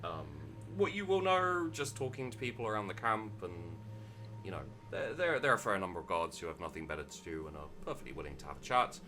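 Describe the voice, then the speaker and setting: A man runs a tabletop game, telling the scene with lots of fillers and restarts. His voice swings widely in pitch and sounds bright and forceful. Faint music sits behind him. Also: fast talker. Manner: animated storyteller with hesitant fillers. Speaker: game master.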